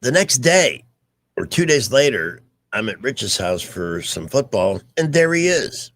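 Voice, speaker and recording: A man's voice: mid-range voice, big pitch swings, unhurried, fairly bright tone. A man in his sixties hosting a casual radio chat show, telling rambling stories with restarts.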